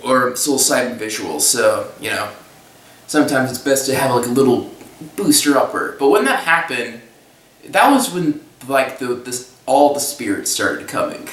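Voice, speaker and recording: A young man rambling casually about a strange experience, halting and restarting, slipping into goofy voices and laughing. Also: mid-range voice, lively intonation, a bit bright, roomy sound, recorded from a distance, poor audio. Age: young adult. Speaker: storyteller recounting a trip.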